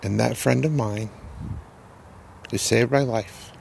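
Very gravelly man telling his story. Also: mid-range voice, a little mellow, a little hiss or hum. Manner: halting, repeats words, earnest. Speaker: person sharing a recovery story. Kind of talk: personal testimony.

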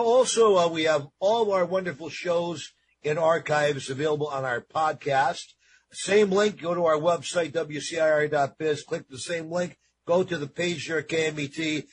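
A man's voice: on the high side, normal speed, a little hiss or hum, low-quality recording. A man hosting a talk radio show, chatting in an upbeat way and repeating promo details, speaking into a studio microphone.

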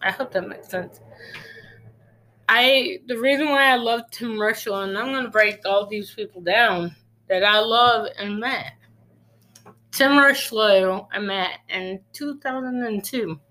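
A woman's voice: mid-range voice, unhurried, bright, forceful tone. A woman hosting a faith-based podcast, talking earnestly and rambling, with frequent restarts. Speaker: podcast host. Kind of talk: casual faith-based monologue.

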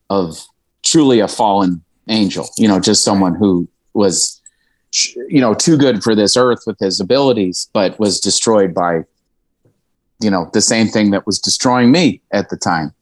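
A man's voice: fairly low pitch, no echo. A man from Indiana, talking as a musician guest in a frank, emotional and sometimes profane way, with laughing asides. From Indiana, USA. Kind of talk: candid conversational storytelling.

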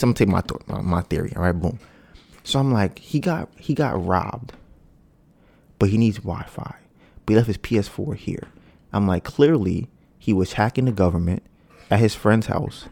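A man hosting a podcast, telling a long story in loose, slangy casual talk and acting out the lines of the people in it. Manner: animated, acts out quoted dialogue with rising pitch; loose slangy speech with frequent fillers. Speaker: podcast host.

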